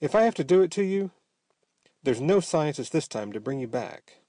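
A man voicing a hot-tempered young man who shouts threats in fury and scorn. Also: a little high, very animated, moderate pace, no echo. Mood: furious.

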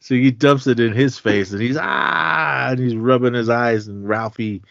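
A man's voice: mid-range voice, fairly even intonation, normal speed, no room sound. A man in a mid-range voice rambles through a casual movie recap, leaning on lots of fillers. The sound is dry and slightly dull. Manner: rambling, filler-heavy storytelling. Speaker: podcast host.

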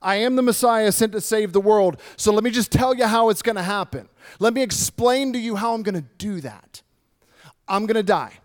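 A man voicing a calm male teacher who speaks of his coming death in casual modern words. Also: sits high, moderate pace, close to an everyday voice. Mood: reassuring. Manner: plain, matter-of-fact, casual modern phrasing.

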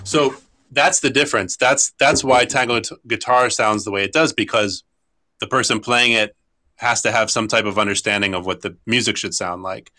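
A middle-aged guitar teacher answers interview questions with explanations, thinking things through and often stopping to restart his sentences. His voice is bright and forward, on the low side, with a steady tone.

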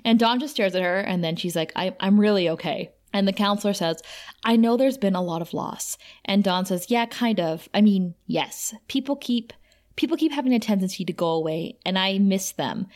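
A woman with a middle-pitched voice recaps a TV episode in easy, animated podcast chat. She narrates what happens and quotes the characters along the way. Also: normal speed. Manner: animated, retells scenes quoting characters. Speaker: podcast co-host.

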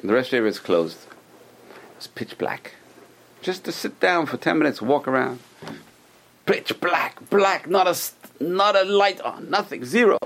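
A man's voice: a little high, sing-song, a little slow, gravelly, fairly bright tone, a little hiss or hum. A man teaching a religious class to a group, telling stories with restarts and acted-out quotes. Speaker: Torah teacher.

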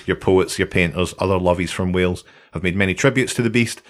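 A Scottish podcast host tells his stories in a loose, jokey way, swearing freely and laughing along. His voice sits fairly low. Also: fast. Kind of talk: casual chat, storytelling.

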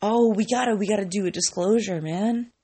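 A woman's voice: mid-range voice, a little fast, warm tone, husky. A tipsy woman co-hosting a podcast, rambling and giggling as she chats, with lots of "like". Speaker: podcast co-host. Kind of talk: casual chat.

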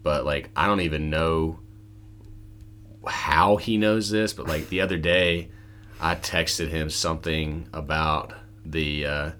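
Podcast host, male, very deep and bright, animated storyteller. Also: takes it slowly. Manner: animated, acts out film quotes in high put-on voices. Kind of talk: casual chat.

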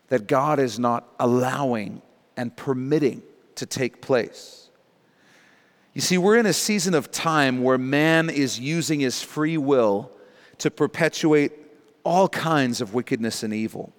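Emphatic preacher with a hall echo. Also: male voice, on the high side. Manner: emphatic, with conversational asides. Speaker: pastor. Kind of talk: sermon teaching through scripture.

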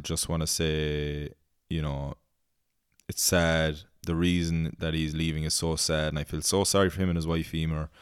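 A man's voice: a bass voice, clear, resonant tone, no room sound, clean studio sound. An Irish man hosting a podcast, ranting in casual chat and swearing freely. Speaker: podcast host.

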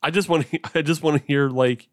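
A man co-hosting a podcast in casual chat, jokey and profane, spinning animated bits. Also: a little high, brisk, no echo, clean studio sound. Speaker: podcast co-host.

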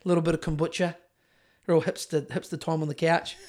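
A man's voice: fairly high pitch, level tone, a little fast, darkish tone. A man with a New Zealand accent, co-hosting a podcast in casual chat, rambling and swearing freely as he tells stories. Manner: profane, rambling storyteller. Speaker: podcast co-host.

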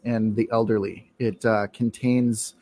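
A man's voice: fairly low pitch, little pitch movement, a little slow, a little mellow. A man co-hosting a casual podcast chat, rambling along with many ums and restarts. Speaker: podcast co-host.

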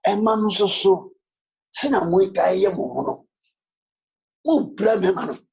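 A man preaching a sermon as pastor, switching between English and Twi, with animated delivery and sudden shouts. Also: high voice, measured pace, creaky, highs cut off.

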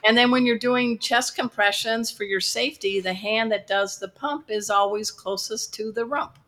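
A woman guest on a podcast, giving pet care tips in a lively, playful teaching style. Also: on the high side, moderate pace. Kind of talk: podcast interview.

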